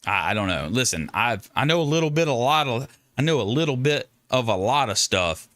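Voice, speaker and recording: A man's voice: mid-range voice, lively intonation, brisk, a bit bright, no room sound. A man hosting a casual livestream, chatting with viewers in a rambling, joking way with frequent restarts. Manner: rambling, joking, self-interrupting. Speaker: livestream host.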